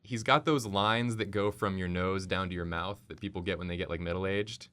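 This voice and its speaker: Deadpan young man, lowish voice. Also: normal speed, clean tone. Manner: deadpan, mock-serious. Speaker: artist on a drawing show. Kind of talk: casual comic banter.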